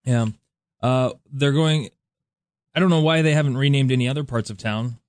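Male radio co-host, wry and rambling, mid-pitched voice, dry booth sound. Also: normal speed, a little mellow, no echo. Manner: joking, rambling, laughs often. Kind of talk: casual morning radio chat.

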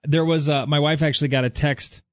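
A man's voice: a little high, fairly even intonation, a little fast, dry recording, studio quality. A young adult man co-hosting a radio morning show, chatting casually and wryly. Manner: chatty, wry, easygoing.

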